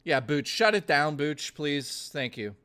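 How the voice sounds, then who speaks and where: A man's voice: a little high, animated, measured pace, sharp tone, clean tone. Profane, ranting male streamer. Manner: profane, blustery ranting to chat. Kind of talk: casual live-stream chat.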